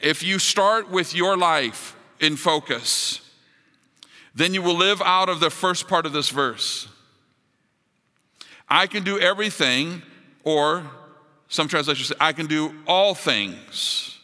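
A man preaching a sermon as pastor, building to emphatic high points and dropping to soft, quiet appeals. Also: slow pace, long reverb tail. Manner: rises to emphatic peaks, drops to soft closing appeals.

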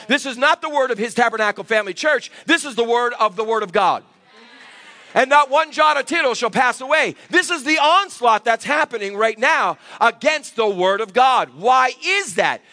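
A man's voice: very high-pitched, bright, forceful tone, no room sound. A male pastor preaching a sermon, using emphatic delivery and calling for amens from the congregation. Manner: emphatic preaching with call-and-response. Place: church sanctuary.

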